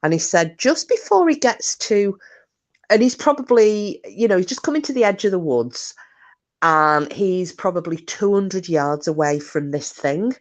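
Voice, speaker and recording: A woman's voice: fairly low pitch, expressive, unhurried. A woman casually telling a spooky story on a live stream, chatty and swearing, speaking to viewers.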